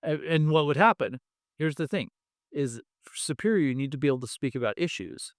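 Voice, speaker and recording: A man's voice: fairly high pitch, animated, fairly quick, no room sound, clean studio sound. A man speaking as an expert guest in an interview, explaining ideas step by step with examples. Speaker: guest expert on language testing.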